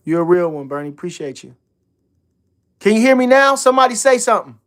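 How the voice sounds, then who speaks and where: A man's voice: high-pitched, very animated, fast talker, fairly bright tone. A man hosting a casual livestream, hyped and repeating himself, swearing freely. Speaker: livestream host talking boxing.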